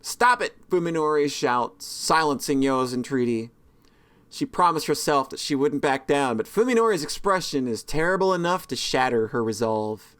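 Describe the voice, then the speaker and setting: A man's voice: mid-range voice, animated, moderate pace, fairly bright tone, clean tone. A man reading a visual novel's text aloud, breaking off for sarcastic, joking commentary. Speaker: let's play host.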